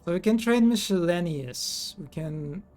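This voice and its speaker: Streamer, male, casual and halting commentary over faint background music. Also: high voice, animated, darkish tone. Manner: casual, hesitant, thinking aloud. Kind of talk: live game playthrough, reading dialogue aloud.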